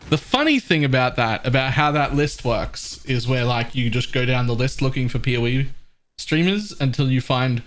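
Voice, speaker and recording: A man's voice: medium pitch, fairly bright tone. A man streaming a game live, chatting casually with his viewers, laughing often and restarting his phrases.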